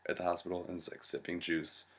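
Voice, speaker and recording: A young man casually pitching a comedy sketch storyboard, rambling with lots of fillers and acting out the lines. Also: monotone, quick pace.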